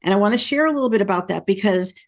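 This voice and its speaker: A woman hosting a podcast interview, chatting in an excited, effusive and rambling way. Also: medium pitch, racing. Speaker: podcast host. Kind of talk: casual interview chat.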